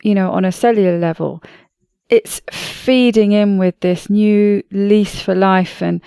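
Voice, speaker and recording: A woman's voice: medium pitch, fairly even intonation, measured pace, gravelly, mellow, clear, resonant tone, no echo, clean studio sound. A woman hosting a podcast, asking supportive, leading questions of her guest. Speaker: podcast host. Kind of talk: interviewing a guest.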